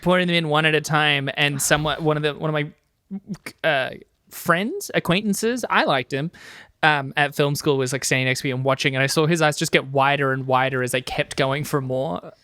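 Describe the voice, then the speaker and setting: A woman's voice: low-pitched, moderate pace, fairly bright tone, dry recording, studio quality. A woman co-hosting a podcast, telling wry, self-mocking stories in casual chat. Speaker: podcast co-host.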